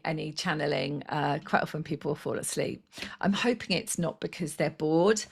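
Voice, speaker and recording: A woman with a low, deeply gravelly voice guides a meditation for a live online group. She speaks slowly and soothingly into a close microphone, with fillers here and there. She says she is losing her voice. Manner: soft, slow and soothing, with fillers. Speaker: spiritual healer leading a live online session.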